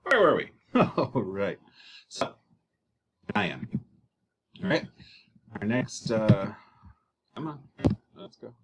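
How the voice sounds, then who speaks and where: A man's voice: on the low side, sing-song, takes it slowly, long pauses, a bit bright, slight background noise. A man, an English teacher, giving a casual recorded slideshow lesson with joking asides and many fillers.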